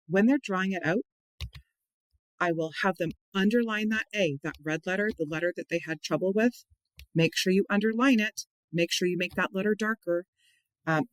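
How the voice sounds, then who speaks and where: A man with a fairly high voice explains a spelling method as a reading tutor. He talks patiently and slows right down to spell out each letter. The recording is dry, with no room echo. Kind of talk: instructional explanation. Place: at home or office, on camera.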